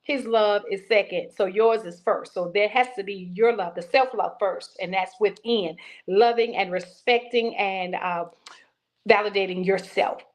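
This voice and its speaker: A middle-aged woman hosts a talk show with an encouraging, sermon-like flow. She sounds heartfelt and emphatic, and she speaks at an everyday middle pitch. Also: measured pace. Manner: warm preacherly encouragement, calls listeners baby. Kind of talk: casual interview chat.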